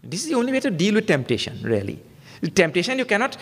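A man's voice: huge pitch swings, fast talker, fairly bright tone. A man giving a humorous sermon as a spiritual teacher, telling stories and acting out quotes with emphatic stress. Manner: humorous storytelling with acted quotes; emphatic, rising pitch for stress.

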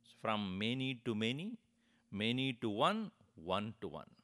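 A man's voice: lowish voice, very animated, a little slow, pushed and bright. A man teaching a spiritual discourse, explaining with rhetorical questions and light chuckles. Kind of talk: religious discourse.

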